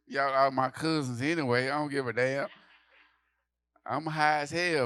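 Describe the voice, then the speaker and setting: A man doing a stand-up comedy set, telling a story loudly and acting out the people in it, with lots of swearing. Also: on the high side, normal speed, dry recording. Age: adult. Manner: loud animated storytelling, acting out characters, profane.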